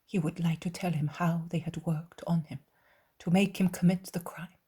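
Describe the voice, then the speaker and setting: A woman narrating an audiobook in a soft, near-whispered reading voice. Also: lowish voice, fairly even intonation, normal speed, husky. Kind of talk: scripted narration.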